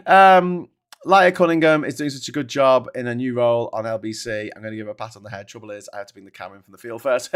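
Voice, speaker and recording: A man's voice: medium pitch, fast. A British man hosting a political commentary show, ranting in a heated, mocking, sweary way.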